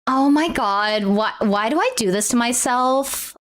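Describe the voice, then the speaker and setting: A woman's voice: on the high side, a little slow. A woman streamer chatting casually on a livestream while unboxing merch. She gushes and exclaims often. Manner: gushing, excitable, exclaims often.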